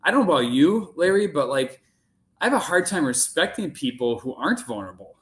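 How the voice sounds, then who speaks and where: A man's voice: fairly high pitch, very animated, a little fast, a bit bright. A middle-aged man as a podcast guest, speaking earnestly and often repeating words while he searches for them. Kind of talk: casual interview conversation.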